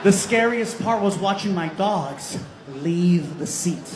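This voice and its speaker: A man's stand-up comedy comes out through an AI baby voice filter, so he sounds sky-high and childlike. He tells his stories with animated energy and shouts the punchlines. The live recording carries a steady layer of noise. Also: slow pace.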